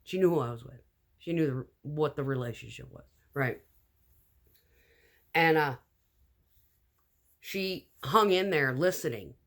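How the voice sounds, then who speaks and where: A woman telling a personal story in a casual storytime vlog, animated and blunt, acting out the lines of the people in it. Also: low voice, measured pace, pauses often. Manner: animated, acts out quoted dialogue.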